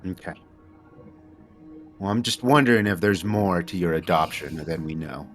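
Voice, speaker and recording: A man's voice: low-pitched, normal speed, fairly bright tone, soft background music. A man playing a character in a tabletop game, asking probing questions with hesitant fillers. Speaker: player. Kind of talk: in-character tabletop role-play.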